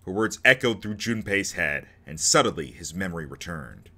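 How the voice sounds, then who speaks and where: A man reading a story game aloud, narration broken up by joking asides. His voice is very bright and cutting, with a low pitch that swings widely. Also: expressive, normal speed, breathy edge. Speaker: let's play host.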